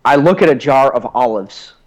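A man's voice: mid-range voice, expressive, normal speed, low-quality recording. A young man co-hosting a podcast, telling self-deprecating stories in a rambling way with lots of fillers. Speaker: podcast co-host. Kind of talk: casual chat.

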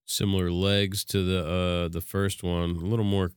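A man co-hosting a podcast in casual chat, speaking in relaxed, trailing phrases. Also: sits low, normal speed, clear, resonant tone, no room sound, clean studio sound. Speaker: podcast co-host.

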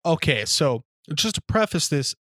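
A man's voice: a little high, big pitch swings, normal speed, fairly bright tone, dry recording, clean studio sound. A man co-hosting a podcast, telling crude, off-color, meandering jokes about a film. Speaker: podcast co-host. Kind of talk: casual movie-review chat.

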